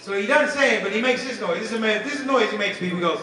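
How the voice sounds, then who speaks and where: A man doing stand-up comedy at a fundraising dinner, telling animated stories and talking straight to the crowd. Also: high voice, very fast. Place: banquet hall at a fundraising dinner. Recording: echoey hall, distant mic, crowd. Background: audience laughing and murmuring.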